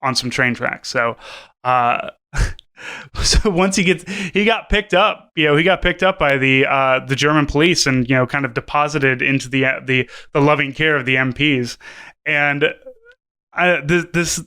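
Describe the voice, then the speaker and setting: A man's voice: on the high side, measured pace, bright, forceful tone, clean tone. A man co-hosting a podcast, chatting casually with lots of fillers, restarts and swearing. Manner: rambling, profane, many fillers and restarts. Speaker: podcast co-host.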